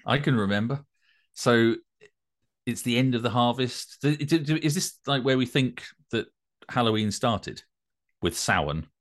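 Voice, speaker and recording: A man's voice: mid-range voice, animated, measured pace. A man co-hosting a podcast in casual chat, teasing and hesitant, often starting with "so". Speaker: podcast co-host.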